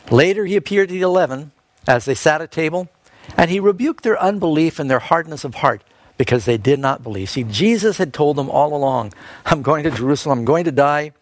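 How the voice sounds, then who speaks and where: A man preaching a sermon, telling a Bible story in a lively way with quick asides and scripture quotes. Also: a little high.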